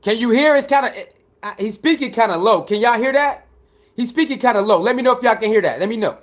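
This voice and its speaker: High-pitched guy running a live stream, reads chat out loud, talks right at viewers, says stuff twice. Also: fast talker. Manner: chatty, repeats himself, talks straight to viewers; heated when answering a critic. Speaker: livestream host reading chat. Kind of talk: casual live commentary.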